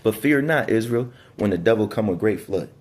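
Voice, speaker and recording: A man's voice: on the low side, lively intonation, brisk, a little mellow, a little hiss or hum. A man giving a casual Bible teaching, reading scripture aloud in an emphatic way with slangy asides and frequent stumbles over words. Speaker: preacher.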